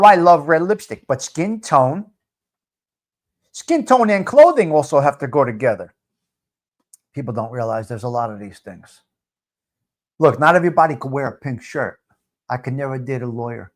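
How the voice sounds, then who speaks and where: A middle-aged man hosting a casual live stream, teasing and bantering with the chat in a brash, street-wise way. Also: mid-range voice.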